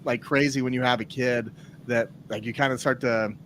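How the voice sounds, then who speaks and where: A man's voice: mid-range voice, steady tone, moderate pace, a bit bright, a little hiss or hum. A man hosting a football podcast in an upbeat, chatty way, steering the conversation. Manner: upbeat, chatty, guides the talk. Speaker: podcast host. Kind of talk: casual sports chat.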